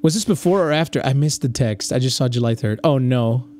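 A man's voice: medium pitch, brisk, a little mellow. A man in his thirties doing let's-play commentary, joking and swearing, with Spanish slang thrown in. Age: 30s. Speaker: gaming YouTuber.

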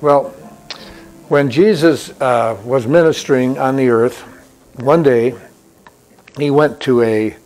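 A man's voice: medium pitch, a little mellow. A man preaching a sermon as pastor in a church, in a conversational storytelling way that repeats key points.

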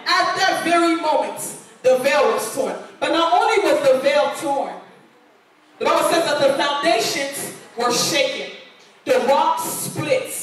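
A woman preaching a sermon in a church, earnest and repeating lines for emphasis. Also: high-pitched. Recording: echoey church hall, voice from far off.

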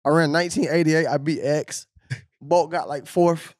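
A man on a podcast telling a lively story, laughing often and acting out what others said. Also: on the high side, moderate pace, no room sound, clean studio sound. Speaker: podcast co-host, former sprinter. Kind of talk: casual storytelling chat.

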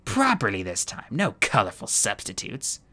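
A harsh adult she-dragon snaps out cold, clipped lines, voiced by an audiobook reader. The reading moves lively through pitch, storybook style. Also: normal speed. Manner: sharp, snapping.

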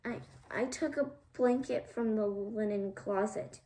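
A woman's voice: mid-range voice, measured pace, mellow, a little hiss or hum, natural voice. A woman voicing a small, frightened orphan girl who stammers timidly.

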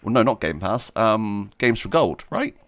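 A man's voice: lowish voice, very animated, unhurried. Chatty man rambling over gameplay. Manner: rambling, chatty, laughs often, talks to himself while playing. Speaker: gaming video host. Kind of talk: casual gameplay commentary.

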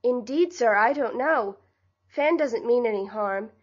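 A woman's voice: on the high side, animated, a little slow. An honest young girl from a storybook answers earnestly and pleads in a raised, girlish voice, put on by a woman narrator. She speaks straightforwardly and without guile. The recording sounds a little muffled. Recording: slightly dull lo-fi audio.

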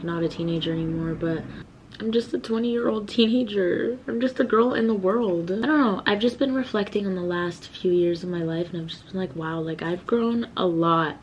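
A woman's voice: lowish voice, muffled recording, slight background noise. Chatty twenty-year-old woman vlogging. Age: 20s. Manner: rambling, chatty, lots of fillers. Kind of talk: casual vlog chat.

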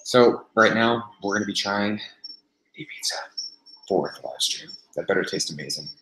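Animated at a moderate pace, a man with a fairly low, fairly bright voice livestreams casually for his viewers. The pain of a burned hand has him groaning, sighing and swearing between comments, with room echo and faint noise in the background.

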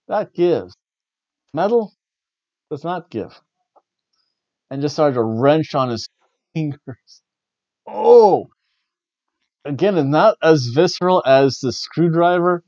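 A man's voice: a little high, dark tone, no echo, lo-fi sound. A man hosting a wrestling review show, rambling in casual chat with wry, jokey asides. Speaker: wrestling review podcast host.

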